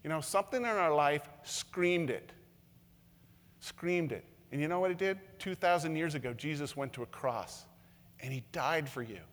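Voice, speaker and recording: A man preaching a sermon as pastor, earnest and repetitive, swinging from loud emphatic lines to soft, intimate ones. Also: on the high side, normal speed. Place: church room with long reverb. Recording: reverberant hall sound.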